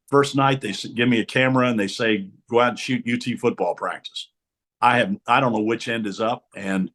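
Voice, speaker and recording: Animated middle-aged male sportscaster storyteller. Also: medium pitch. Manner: animated storyteller, acts out other people's voices. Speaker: sportscaster guest. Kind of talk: storytelling interview talk. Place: radio studio.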